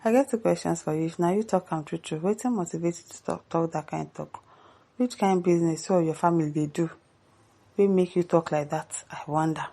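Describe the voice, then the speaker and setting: A woman's voice: fairly low pitch, a little fast, vocal fry, dark tone. A Nigerian woman giving sarcastic, scolding commentary and reading viewer comments aloud. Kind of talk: casual reaction commentary.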